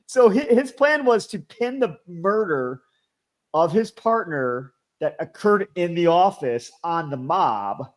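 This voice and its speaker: A man co-hosting a podcast, chatting casually with mocking, deadpan jokes. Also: sits high, slow. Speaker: podcast co-host.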